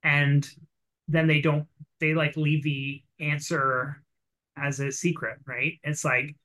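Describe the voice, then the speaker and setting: A man with a bright, somewhat high voice chats casually about a comic he read. He rambles and piles up fillers, acting out little quoted lines as he goes. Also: little pitch movement, slow, low-quality recording.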